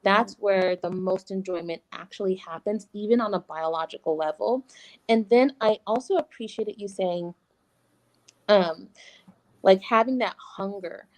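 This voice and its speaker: A woman's voice: medium pitch, a little slow, poor audio. Upbeat woman podcast host. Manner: animated, affirming, says "like" and "right?" often. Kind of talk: casual chat.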